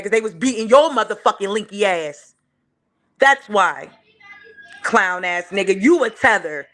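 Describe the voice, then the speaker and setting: A fiery woman with a D.C. tears into someone on her live stream. Her voice sits a bit high and flies higher when she yells. The talk is profane and cutting, with sudden shouts. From Washington, D.C. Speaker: channel host ranting on a live stream. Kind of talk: heated live-stream rant.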